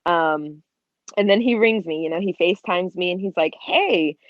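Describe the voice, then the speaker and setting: A young woman in her twenties tells a story as an interview guest, slipping into the lines she said back then. Her voice sits a little low. The recording sounds dry and dull, like a lo-fi mic. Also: normal speed, dry recording. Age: 20s. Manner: lively, acts out her own past lines with lots of "like". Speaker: guest artist.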